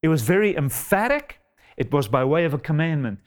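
A man preaching a sermon with a slow, dramatic delivery, full of rhetorical questions and addressing his listeners as beloved. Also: on the high side, sing-song.

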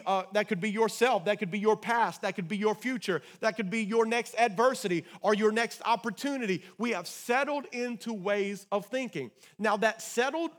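A man with a notably high voice delivers a church sermon as pastor. He preaches emphatically, circling back to repeat key phrases, and calls out to the congregation for responses. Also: fairly bright tone.

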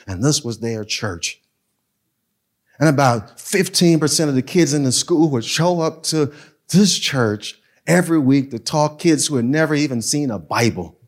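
A pastor tells stories with real animation, dropping to a hush and then building back up. His voice sits a little high for a man. The delivery is casual and conversational, never stiff. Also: a little slow, long pauses. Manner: animated, street-casual storytelling with sudden loud and soft swings. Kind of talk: storytelling talk.

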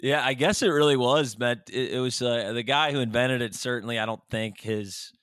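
A man's voice: medium pitch, normal speed, a bit bright, dry recording, studio quality. A young man co-hosting a podcast, rambling through jokes in casual chat with lots of fillers. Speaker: podcast co-host.

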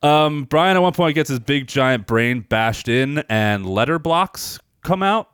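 A man's voice: medium pitch, lively intonation, a little slow, a bit bright, smooth, no room sound, studio quality. A man co-hosting a film podcast in casual chat, rambling, swearing freely and animatedly retelling scenes. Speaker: podcast co-host reviewing films.

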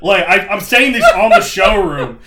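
A man's voice: high-pitched, moderate pace. A young man telling a story in a casual, profane way, acting out his own lines and quoting others. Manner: animated, profane, acts out quotes. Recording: echoey room.

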